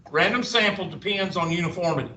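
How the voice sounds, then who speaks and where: A man's voice: high voice, fast talker, pushed and bright, slight background noise. A male math teacher, lecturing a class with rambling, sarcastic asides. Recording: echoey classroom from far off.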